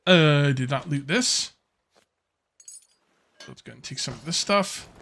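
A man's voice: fairly high pitch, unhurried, a bit bright. A man casually commenting on his survival-game session as he plays, rambling and easygoing with lots of fillers. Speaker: gameplay commentator. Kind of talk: casual let's-play commentary.

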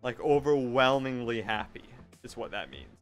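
A man's voice: medium pitch, sing-song, moderate pace, soft background music. A man co-hosting a reaction show, casually but insistently arguing and explaining his reading of a scene. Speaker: co-host of a reaction channel.

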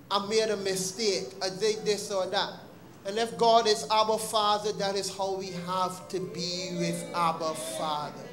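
A man with a Barbadian accent giving an earnest, animated personal testimony at a church service. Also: high-pitched, unhurried. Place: church sanctuary. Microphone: live-streamed service mic.

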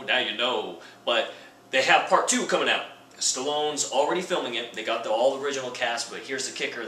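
A man rants sarcastically in a vlog, joking as he rambles. His voice is bright and sharp. It sounds roomy and echoey, picked up from some distance. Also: mid-range voice, slight background noise. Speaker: vlogger. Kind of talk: comedic rant vlog. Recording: roomy echo from a distant mic.

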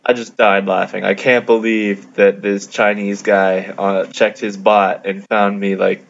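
A man from Canada tells a gaming story in a low, gravelly voice that barely rises or falls, amused and loose with his fillers. It sounds like a dull, lo-fi mic recording. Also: flat delivery, a little slow. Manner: laid-back, amused, many fillers. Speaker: gamer narrating a video. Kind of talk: casual storytelling over gameplay.

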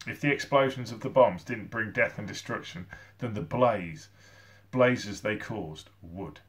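A male teacher reading a children's novel aloud to his class, with expressive storytelling. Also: on the low side. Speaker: primary school teacher.

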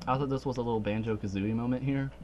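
A man's voice: medium pitch, fairly even intonation, fast talker, mellow, lo-fi sound, slight background noise. A man playing a game on a let's play, chatting playfully and laughing often. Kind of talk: casual gaming chat.

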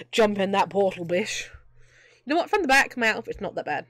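With a sing-song lilt and a fairly bright tone, a young woman comments on her video game live, full of chat, jokes and frequent laughter. Her pitch is medium and her speed normal, recorded dry at studio quality.

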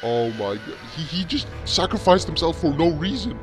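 A young man hosting a casual reaction video, excitable and constantly saying bro, with loud music behind him. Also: on the high side, moderate pace.

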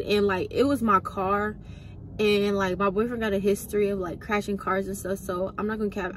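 A woman's voice: mid-range voice, a bit bright, slight background noise. A young woman casually telling a storytime to her viewers, chatty and full of slang. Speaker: vlogger.

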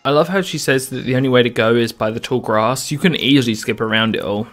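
A man's voice: mid-range voice, fast talker, fairly bright tone. Guy streaming a game, sarcastic, crude jokes, chill mid voice, faint game music behind. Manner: sarcastic, crude joking asides. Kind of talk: casual gameplay commentary.

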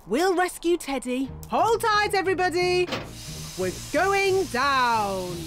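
A brisk, high cartoon rabbit. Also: female voice, sing-song, over music, exaggerated voice. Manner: bright and bossy. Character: brisk, helpful female rabbit pilot. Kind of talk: cartoon voice acting.

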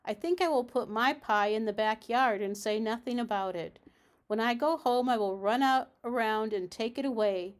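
A woman's voice: fairly high pitch, moderate pace, lightly acted. Woman voicing a fretful, genteel little dog. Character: fretful little female dog, polite and anxious.

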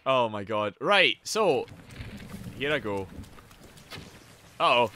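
A young man streaming a video game live, excitable, swearing often and chatting straight to his viewers. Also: medium pitch, unhurried, long pauses, a little hiss or hum. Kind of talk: live gameplay commentary with chat.

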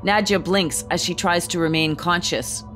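A woman narrating a screenplay, reading the scene directions in a calm, even way. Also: on the low side, normal speed, soft background music.

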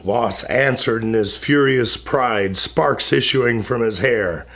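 A man recites epic verse in a solemn, measured voice. He takes a very slow pace, letting each line land, at a mid-range pitch. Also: a bit bright.

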